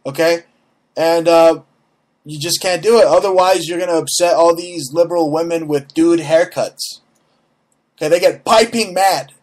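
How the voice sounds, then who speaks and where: A man's voice: a little high, fairly even intonation, normal speed, darkish tone. A man hosting a talk show, ranting in a brash, mocking way, swearing freely and checking in with "okay?" over and over. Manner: repeats "okay?" and restarts often, mocks voices in quotes. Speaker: host. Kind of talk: profane comedic political rant.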